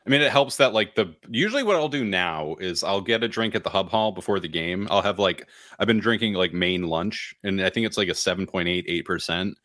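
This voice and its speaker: A deep-voiced man, chatting on a podcast in a bright, forceful tone. He rambles through self-mocking stories with lots of energy. The sound is dry and close to the mic. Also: animated, brisk, no echo. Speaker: podcast co-host. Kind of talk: casual chat.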